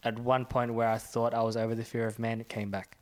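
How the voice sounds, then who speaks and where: A man's voice: medium pitch, completely flat delivery, quick pace. A young man, a church minister, sharing an earnest personal testimony and reading scripture aloud with growing force. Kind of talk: personal testimony in a faith conversation.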